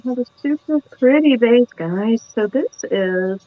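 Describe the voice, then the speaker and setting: A woman's voice: on the high side, lively intonation, a little slow, no echo, lo-fi sound. Chatty, giggly woman selling antiques. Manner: chatty, giggly, describes items. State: tired from lack of sleep. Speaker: host of a live antiques sale. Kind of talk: casual live-sale chat.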